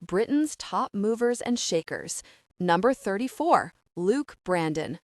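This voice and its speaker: A woman's voice: medium pitch, expressive, slow, no room sound, clean studio sound. A woman voicing an indignant, flustered young woman who gets defensive and stammers, in an audiobook reading. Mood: furious.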